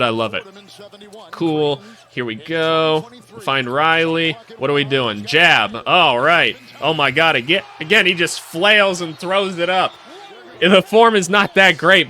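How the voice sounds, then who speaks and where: A man calling out basketball clips in a casual, excitable way, joking and cheering plays as he watches. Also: a little high, a little slow. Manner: excitable, jokey, voices players in asides. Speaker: basketball analyst. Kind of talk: casual video commentary over game clips.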